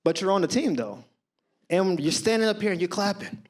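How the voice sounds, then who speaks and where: High-voiced and fairly quick, a man in his thirties works a stand-up crowd with stories. He keeps it conversational, speaking straight to them, and animatedly performs the voices of his stories' characters.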